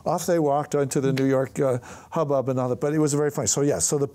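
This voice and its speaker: A man's voice: medium pitch, fast talker. An older man telling anecdotes in an on-stage conversation, acting out the voices of the people in his stories. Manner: animated storyteller, acts out quoted voices. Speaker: film writer-director, guest. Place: on stage before an audience.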